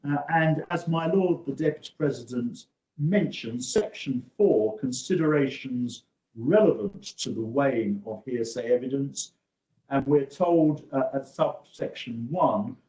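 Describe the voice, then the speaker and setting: A male barrister making formal courtroom submissions over a video call, measured and hesitant, pausing often on "uh". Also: medium pitch, mellow. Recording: echoey room over video link.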